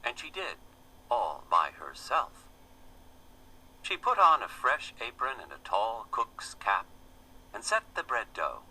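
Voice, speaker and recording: A man reads a children's fable slowly and expressively, his pitch rising and falling with great animation. His voice is bright and crisp, with a faint hiss behind it. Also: low-quality recording. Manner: gentle, expressive storybook reading. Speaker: storyteller. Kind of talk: reading a children's fable aloud.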